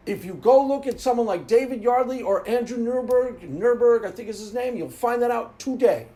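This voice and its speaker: A man hosting a Christian talk channel, speaking in an emphatic, animated monologue and laughing as he acts out little scenes. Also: extremely high pitch, moderate pace. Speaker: Christian apologetics channel host. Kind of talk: casual monologue.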